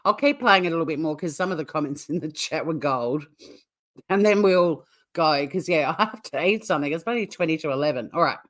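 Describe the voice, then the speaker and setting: A middle-aged Australian woman hosts a loose livestream, her voice sitting a little low for a woman. She talks bluntly, swears without a second thought and laughs her way through her remarks. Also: expressive, fairly quick. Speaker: livestream host. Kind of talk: casual livestream chat reacting to a clip.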